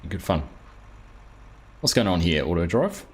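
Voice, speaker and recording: A man's voice: low voice, very animated, moderate pace, husky. A man hosting a live game stream, chatting casually and greeting viewers by name as he plays. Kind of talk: casual live-stream commentary while playing.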